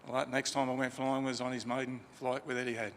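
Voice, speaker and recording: A man's voice: mid-range voice, flat delivery, a little fast, fairly bright tone, a little hiss or hum. A man telling a chatty, informal story about a friend at a funeral in a crematorium chapel, with fillers and restarts. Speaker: funeral eulogy speaker. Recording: reverberant chapel, faint ambience.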